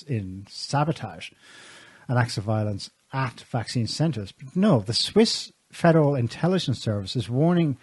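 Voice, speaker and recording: A man's voice: mid-range voice, a little mellow, husky, dry recording. A man co-hosting a talk show, giving casual, sardonic political commentary with pointed remarks and frequent restarts. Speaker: show co-host.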